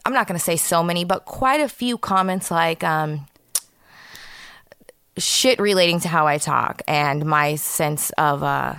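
A woman, co-hosting a podcast in a relaxed, drawling way of her own. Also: sits low, unhurried, gravelly, clean tone, no room sound, clean studio sound. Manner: laid-back, drawling, self-described own dialect. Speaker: podcast co-host. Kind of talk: casual chat.

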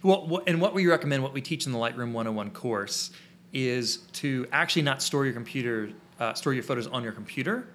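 This photography teacher talks briskly and animatedly at medium pitch, his voice bright and forward. Co-hosting a live-streamed photography podcast, he rambles with many fillers and restarts while a faint hum fills his small studio.

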